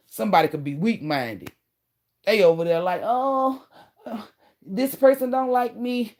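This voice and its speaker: A woman in her thirties talks directly to her viewers in a casual advice monologue. Her delivery is blunt and animated, full of slang and casual swearing. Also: on the low side. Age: 30s. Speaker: vlogger giving relationship advice.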